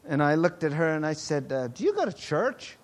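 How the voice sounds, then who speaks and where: Delivering a sermon, a middle-aged man shares his personal testimony in a fairly high voice at a fairly quick pace. He swings with animation between loud outbursts and hushed asides.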